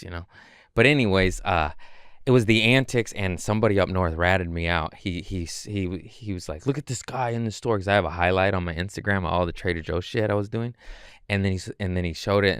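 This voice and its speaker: A young man guesting on a podcast, telling rambling, excitable stories with crude humor in casual chat. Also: low voice, clean tone, no echo, studio quality.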